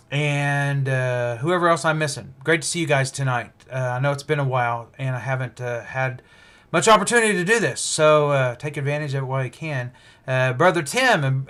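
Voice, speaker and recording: Male host, slightly high pitch, rambling unscripted livestream preacher, thinks out loud. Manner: rambling, thinking aloud, frequent restarts and fillers. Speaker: preacher hosting a livestream Bible study. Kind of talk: casual livestream Bible teaching.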